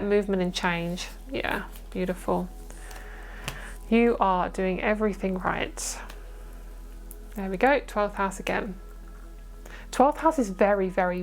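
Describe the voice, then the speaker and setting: A woman giving a casual, chatty pick-a-card tarot reading, gushing and swearing casually as she goes. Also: medium pitch. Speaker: tarot reader.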